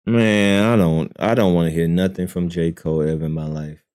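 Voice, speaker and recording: A man hosting a live stream, reacting to a song with profane, exasperated commentary, repeating himself and swinging between loud outbursts and low muttering. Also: fairly even intonation, normal speed.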